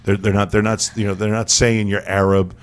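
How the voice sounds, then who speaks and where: A man hosts an internet radio chat in a lowish voice. He jokes and laughs a lot and stumbles over his words, repeating them as he talks. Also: little pitch movement, brisk, clear, resonant tone. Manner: joking, stammering, repeats words, laughs often. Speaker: radio show host. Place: studio.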